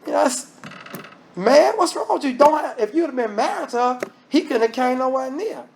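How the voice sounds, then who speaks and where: A man preaching a lively sermon, firing off rhetorical questions and acting out voices. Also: very high-pitched, gravelly, slight background noise.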